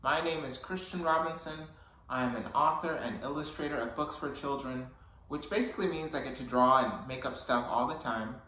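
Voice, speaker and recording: A man's voice: medium pitch, brisk, sharp tone. Upbeat man in an echoey garage studio. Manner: upbeat and encouraging. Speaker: host, children's book author and illustrator. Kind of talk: friendly craft-video host talk. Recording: echoey room, mic at a distance, faint noise.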